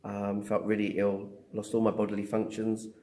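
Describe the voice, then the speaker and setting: A man's voice: on the low side, moderate pace. A middle-aged man, a psychic medium, telling his story in an interview, acting out the dialogue with lots of ums. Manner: animated storyteller, acts out dialogue with hesitant ums.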